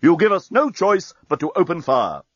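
A man reading aloud and voicing a booming, menacing enemy commander over a loudspeaker in a storybook. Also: sing-song, breathy edge, no room sound, highs cut off. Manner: slow, loud and commanding.

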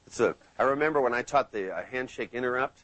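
A man running a live hypnosis seminar, playful and storytelling, sinking into a slow hypnotic tone when he demos trance suggestions. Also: medium pitch, background noise. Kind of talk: live seminar teaching with anecdotes. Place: seminar room with live audience.

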